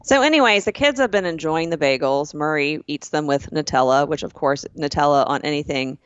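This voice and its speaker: A woman from Alabama in her forties chats on a podcast, acting out family members in lively bursts as she tells a story. Her voice sits at a middle pitch. The sound is dry and a little dull, like a plain home podcast mic. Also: fairly quick, clean tone, no room sound. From Birmingham, Alabama. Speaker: podcast co-host. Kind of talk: casual sister chat.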